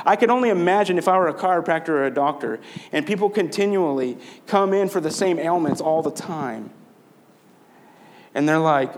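Earnest man preaching in a slightly higher voice. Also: normal speed. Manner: earnest, conversational preaching with rhetorical questions. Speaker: pastor. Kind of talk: sermon.

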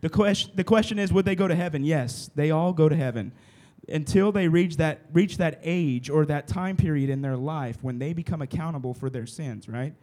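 A man with a fairly high, slightly mellow voice preaches a casual sermon to a youth group before a live audience in a room. He talks at normal speed with hardly any pauses, conversationally checking in to make sure they keep up.

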